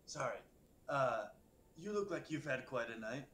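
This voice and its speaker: A man playing his character in a tabletop game, friendly and hesitant, often pausing on fillers. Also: mid-range voice, lively intonation, fairly bright tone. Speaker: player. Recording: echoey room with faint noise.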